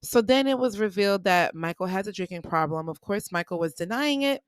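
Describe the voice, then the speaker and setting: A woman's voice: medium pitch, lively intonation, brisk, smooth, dry recording. A woman hosting a personal podcast, telling a story in a candid, casual way, often repeating herself as she talks through her grief. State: grieving. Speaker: podcast host.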